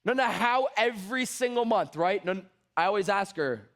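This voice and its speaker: High-pitched guy hyping up a sales crowd on stage, acts out little dialogues. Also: normal speed. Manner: animated storytelling, acts out dialogues. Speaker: motivational sales speaker. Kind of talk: energetic stage talk.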